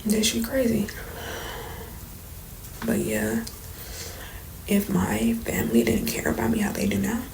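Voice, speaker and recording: A young woman, speaking softly and shakily in an emotional storytime confession, holding back tears and sometimes dropping to near whispers. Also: mid-range voice, big pitch swings, measured pace, creaky, pauses often, rough recording. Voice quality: soft, trembling at times, drops to near whispers. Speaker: vlogger. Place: indoors, late at night.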